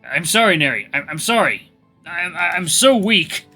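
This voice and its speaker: A man's voice: a little high, big pitch swings, a little slow, vocal fry, bright, forceful tone, full character voice. A man voicing a distraught young male black wolf, pleading and broken, with faint music behind. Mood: anguished.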